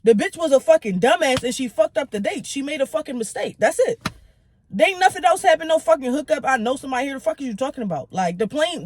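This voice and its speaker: High-voiced and recorded with no room sound, this young adult vlogger delivers a casual storytime rant. The retelling is heated, profane and animated, with the quoted lines of others played out along the way.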